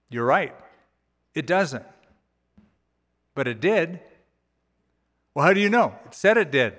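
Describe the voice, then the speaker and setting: A man preaching a sermon as a pastor, with a conversational, folksy way of retelling the text and animated quoted voices. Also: a little high, takes it slowly, long pauses. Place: church auditorium. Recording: church hall with long reverb.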